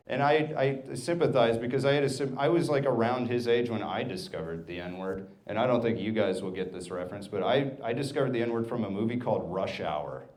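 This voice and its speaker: A man performing a stand-up comedy set on a club stage, telling stories and quoting people in an animated way. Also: medium pitch, a little fast.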